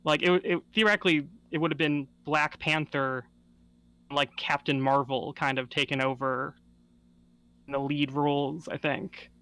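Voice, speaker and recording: A man's voice: fairly high pitch, steady tone, moderate pace, sharp tone, clear, resonant tone. A man co-hosting a podcast in casual chat, easygoing and agreeable, hedging with "I think". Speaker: podcast co-host.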